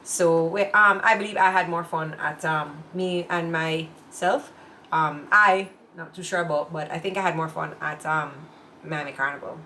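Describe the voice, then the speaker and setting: A woman with a Jamaican accent chatting casually as a podcast co-host, telling stories in an animated way and acting out other people's voices. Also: deep voice, moderate pace, a little hiss or hum. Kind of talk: casual chat.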